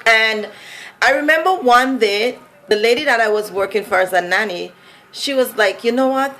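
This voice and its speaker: A woman's voice: a little high, normal speed, bright, forceful tone. A woman from Saint Vincent with a Vincentian accent, telling a personal story in a casual, chatty way full of fillers. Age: adult. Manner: chatty, many "like" and "you know" fillers.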